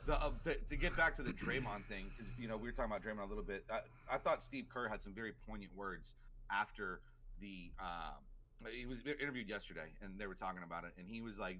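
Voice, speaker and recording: A man co-hosting a casual sports podcast, talking quickly in a lowish voice with a bright, sharp edge. He rambles through his takes, full of "you know" and restarts. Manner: rambling, filler-heavy, quick talker. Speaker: podcast co-host.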